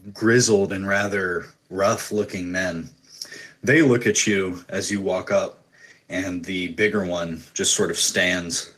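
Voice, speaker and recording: A man's voice: low-pitched, a bit bright, low-quality recording. A man narrating a tabletop role-playing game as game master, describing scenes in a loose, storytelling way.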